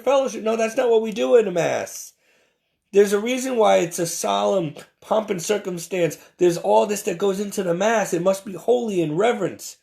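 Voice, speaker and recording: High, gravelly man preaching emphatically. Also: darkish tone. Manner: emphatic, preachy, stumbles and repeats words. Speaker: Catholic commentator. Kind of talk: impassioned religious monologue.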